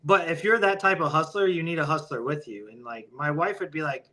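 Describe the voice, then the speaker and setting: A man's voice: a little high, brisk, sharp tone, low-quality recording. A male podcast guest in casual interview chat, blunt, profane and opinionated.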